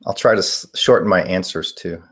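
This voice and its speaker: Rambling man in his forties, lowish voice. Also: a little fast, husky. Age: 40s. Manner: rambling, reading chat questions aloud with fillers. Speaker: paranormal live-stream host. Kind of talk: casual live-stream Q&A.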